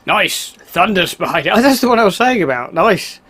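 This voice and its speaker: Male let's-play host, chatty and excitable, slightly high voice. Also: moderate pace. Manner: chatty, excitable, laughs often. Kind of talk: casual gameplay commentary.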